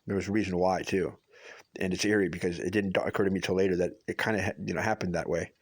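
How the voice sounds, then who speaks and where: A man's voice: deep voice, fairly even intonation, fast talker, slightly rough, dry recording. A middle-aged man telling a personal story in a casual, rambling way, restarting often and swearing for emphasis. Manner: rambling, with many restarts and fillers.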